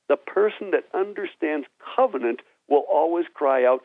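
A man's voice: a little high, animated, normal speed, hardly any pauses, no room sound. A man who is a guest minister on a talk show, teaching with earnest emphasis and then praying. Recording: tinny phone-like dry sound.

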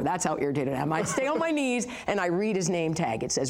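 A woman telling her faith testimony in an animated, sarcastic storytelling manner, laughing as she goes. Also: fairly low pitch, fairly quick, few pauses, a little hiss or hum. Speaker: guest sharing a testimony.

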